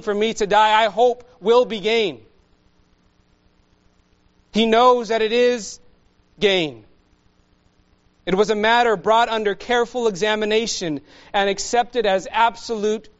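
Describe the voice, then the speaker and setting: A man preaching a sermon to his congregation, slow and measured, with emphatic pauses. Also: high voice, dull audio. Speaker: pastor.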